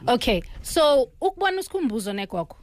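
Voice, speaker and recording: A woman's voice: high voice, big pitch swings, fast, no room sound. A woman hosting an interview, prompting her guests with questions and short affirmations. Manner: encouraging, frequent short affirmations. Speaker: host. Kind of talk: interview conversation.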